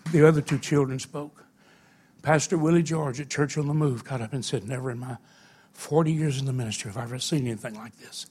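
An older man preaching a sermon, telling emotional stories that swing between loud, stretched words and hushed, quiet passages. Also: medium pitch, a little fast, husky.

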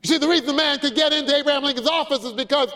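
Man preaching a sermon, really high voice, big echoey hall, punchy and dramatic with long pauses. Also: pushed and bright. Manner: emphatic preaching with dramatic pauses and story-telling. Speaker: pastor.

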